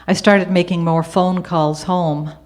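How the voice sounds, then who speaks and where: Irish woman, low voice, memoir reading, chatty storytelling asides. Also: level tone, unhurried. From Ireland. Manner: warm conversational asides with occasional laughter. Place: gallery event before an audience.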